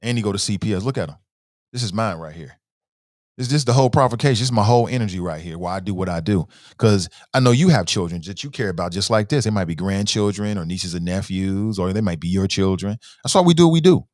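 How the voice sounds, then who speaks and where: A man's voice: low-pitched, fast talker, a little mellow, no room sound, clean studio sound. A man hosting a talk show in a casual livestream commentary style, reading viewer comments aloud and often starting with "uh", then stressing words as he argues his points.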